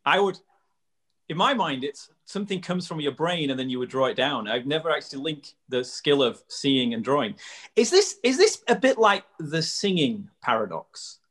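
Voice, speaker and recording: A male host with a slightly raised voice leads an easygoing chat. He asks questions with curiosity and works through his thoughts out loud. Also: on the high side, very animated, moderate pace. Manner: inquisitive, thinking aloud. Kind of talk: casual interview chat.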